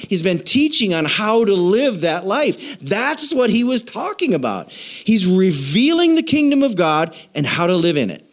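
A man preaching a sermon in an animated, conversational way, acting out quoted voices. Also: high voice. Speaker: pastor.

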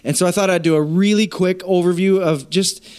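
A man's voice: high-pitched, fairly even intonation, a little fast, a little mellow, clean tone. A man preaching a sermon to his congregation, telling stories and acting out quoted voices in a casual conversational way. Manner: addresses congregation directly. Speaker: pastor. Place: church.

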